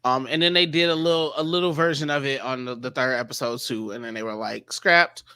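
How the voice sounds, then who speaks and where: A man hosting a casual panel chat, animated and quick to act out other people's lines. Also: mid-range voice, smooth, no room sound. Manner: animated, quotes people in exaggerated voices. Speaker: panel host.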